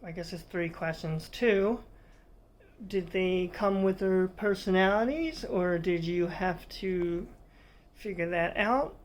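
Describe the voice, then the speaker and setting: A woman asking a viewer question, setting out her points one by one in a measured way. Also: lowish voice. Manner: measured, sets out numbered questions.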